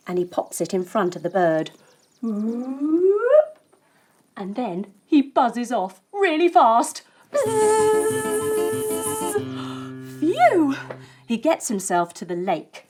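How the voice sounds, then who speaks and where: A young woman teaching a storytelling yoga lesson for children, playful and animated, adding buzzing sound effects. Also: medium pitch. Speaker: kids' yoga instructor.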